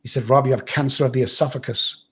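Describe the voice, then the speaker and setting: A man's voice: mid-range voice, steady tone, fast talker, husky. A middle-aged man from England with an English accent, a guest telling his life story bluntly, swearing freely and acting out other people's lines. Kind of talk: storytelling in an interview.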